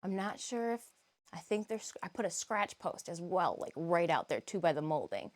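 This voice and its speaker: A woman's voice: lowish voice, lively intonation, moderate pace. A woman live streaming, chatting casually, greeting viewers by name and grumbling about her cats.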